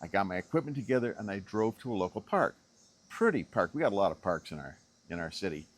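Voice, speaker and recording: A man's voice: very animated, fast talker. A middle-aged man talking straight to the camera on a selfie stick outdoors, in an emphatic, repetitive motivational vlog style. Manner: emphatic, repeats key phrases, rising pitch on stressed words. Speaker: video creator. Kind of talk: unscripted motivational vlog talk.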